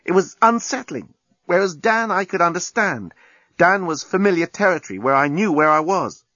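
A quietly resolute young woman who weighs her words, lifted a little above an ordinary speaking pitch, as a male audiobook reader puts her on. The voice is somewhat husky and the recording is dry and dull. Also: expressive, normal speed, no echo, exaggerated voice. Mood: reflective.

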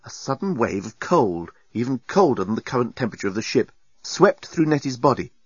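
A man narrating a storybook in an expressive, animated reading. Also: medium pitch, brisk, husky, no room sound. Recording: dull lo-fi dry recording.

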